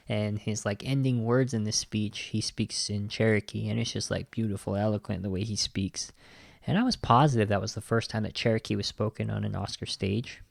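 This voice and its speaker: A man's voice: on the low side, gravelly, no room sound, clean studio sound. A man hosting a podcast in casual, enthusiastic commentary, full of "like" and "you know". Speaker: podcast host.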